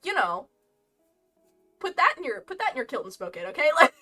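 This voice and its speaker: A young woman telling a casual story while streaming, animated and rambling, laughing often. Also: sits high, brisk. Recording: lo-fi game music behind.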